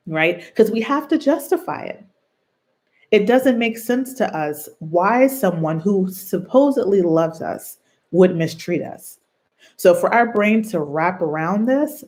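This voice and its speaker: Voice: medium pitch, a little mellow. Earnest, reflective self-help show host. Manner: earnest and reflective, draws on own experience; conversational, often checks in with the listener. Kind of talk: personal advice talk on abuse and trauma bonds.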